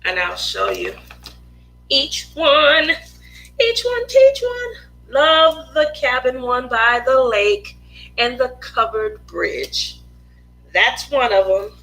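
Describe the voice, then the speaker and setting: A woman's voice: a little high, animated, slow, gravelly, sharp tone, rough recording. A woman from Las Vegas hosting a casual craft livestream, greeting viewers by name in a playful, chatty, sometimes sing-song way. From Las Vegas, USA. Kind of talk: casual livestream chat while painting.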